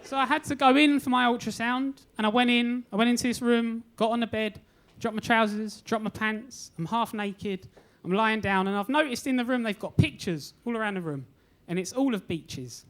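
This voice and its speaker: On a comedy club stage, a young man delivers self-deprecating, cheeky anecdotes, voicing the quoted parts himself. He speaks at a normal pace in an extremely high, fairly bright voice.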